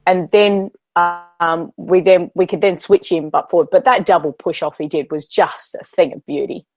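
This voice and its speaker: A woman co-hosting a football podcast, emphatic and repeating her points, her voice strained from yelling. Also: on the low side, fairly even intonation, moderate pace, dry recording. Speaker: podcast co-host. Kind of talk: casual football chat.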